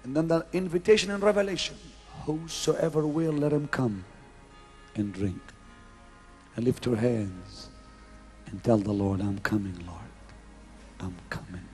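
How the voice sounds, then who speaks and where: Captured live in the 1990s with faint music behind him, a preacher at a big crusade delivers a revival sermon in a medium-pitched voice. His pace is slow and drawn out, veering from loud exclamations down to whispers.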